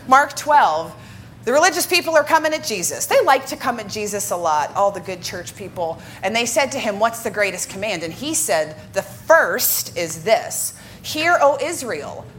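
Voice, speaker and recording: A woman worship director giving a lively church teaching talk to a congregation, joking with them as she goes. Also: fairly high pitch, moderate pace, slight background noise. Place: church sanctuary before a congregation.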